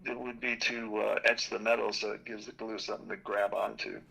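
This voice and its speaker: Gravelly guy, kinda sharp tone, just gives practical tips, no fuss. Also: on the low side, flat delivery, a little fast, low-quality recording. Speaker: co-host. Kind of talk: casual chat.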